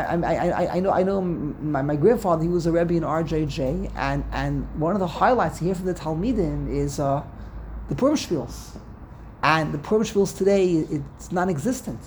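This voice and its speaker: A man's voice: high-pitched, a little hiss or hum. A man casually teaching a class, rambling and repeating words as he tells stories. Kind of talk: casual Torah discussion.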